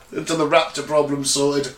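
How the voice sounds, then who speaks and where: Jokey man with a higher voice. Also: flat delivery, moderate pace. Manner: jokey, teasing banter. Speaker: podcast co-host. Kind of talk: casual chat. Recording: roomy recording.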